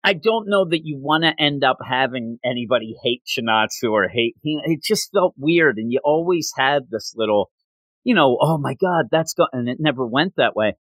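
A man casually recapping a manga chapter with a co-host, rambling and quickly acting out the characters' lines. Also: mid-range voice, expressive, fairly bright tone, dry recording.

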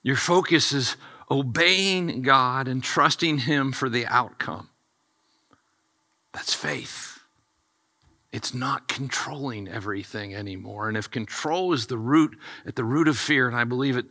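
A middle-aged man preaching a sermon in a very bright, forceful voice. He is animated, swinging from hushed intensity to excited bursts as he acts out the dialogue. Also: medium pitch, normal speed. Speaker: pastor.

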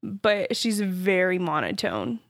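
A woman's voice: fairly low pitch, big pitch swings, slow pace, vocal fry, no room sound, clean studio sound. A woman co-hosting a podcast, chatting casually and often murmuring agreement. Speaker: podcast co-host. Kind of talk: casual chat.

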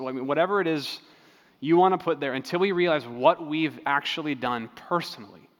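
A pastor preaches a sermon in a relaxed, conversational way, telling stories full of fillers and restarts. His voice is medium-pitched, and the recording has a long reverb tail.

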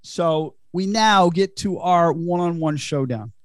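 A man recapping a film in a casual podcast chat, with a chatty, laughing manner and lots of fillers. His voice sits fairly high. The recording is dry and close. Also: slow pace, dry recording. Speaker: podcast host.

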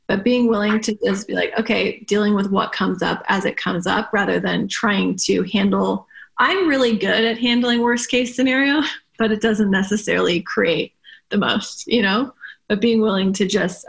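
Female podcast guest, mid-pitched, heavy vocal fry, talkative. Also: fairly even intonation. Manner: chatty, quick asides, laughs often. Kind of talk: casual podcast chat.

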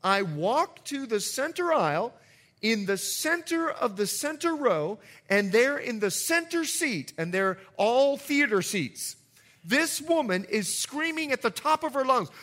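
Bright, animated pastor telling stories. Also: male voice, very high-pitched, measured pace. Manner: animated storyteller, jokey asides, shifts from loud to hushed. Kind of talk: sermon with storytelling.

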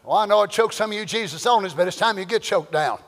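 An impassioned male preacher delivers a sermon in a high, bright voice that swings between shouts and hushed tones. He speaks slowly, and a long hall reverb trails each phrase.

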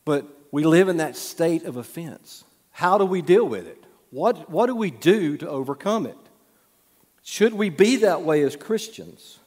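A man's voice: fairly high pitch, animated, measured pace, a little mellow. A man preaching as a pastor, telling a story in a casual sermon and teasing the congregation with questions. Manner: conversational, teasing the audience with questions. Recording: long reverb of a hall.

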